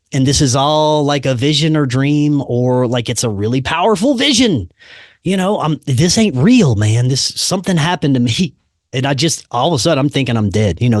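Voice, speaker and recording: A man hosting a podcast, telling a personal story in a casual, animated way, acting out the voices he quotes and dropping "man" and "dude" often. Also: mid-range voice, dry recording, clean studio sound. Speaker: podcast host.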